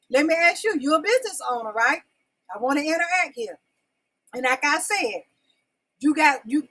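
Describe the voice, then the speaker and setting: A woman with a high voice hosts her own live-stream talk show. She talks to her viewers in a folksy, down-home way, calling them y'all. She keeps pressing the chat to answer her questions. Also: fairly bright tone, low-quality recording.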